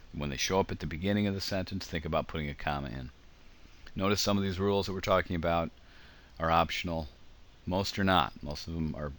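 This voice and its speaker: Very deep-voiced man teaching grammar. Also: fairly bright tone. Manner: conversational, explains with examples, frequent ums. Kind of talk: grammar lecture over slides.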